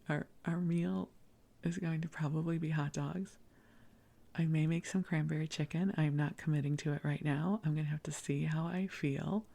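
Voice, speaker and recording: Soft-spoken, husky middle-aged woman. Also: low voice. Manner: soft, half-whispered, laughs at herself. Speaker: sleep podcast host. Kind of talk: soft bedtime rambling.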